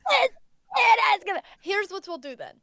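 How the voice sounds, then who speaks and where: High voiced girl at a tabletop game, eager, keeps pitching plans, bouncy. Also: very animated, normal speed, gravelly, a crowd in the background. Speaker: player.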